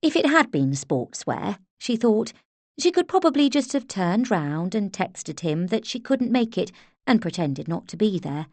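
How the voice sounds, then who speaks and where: In a dry recording, a medium-pitched woman narrates an audiobook. Her scripted storytelling is measured and expressive.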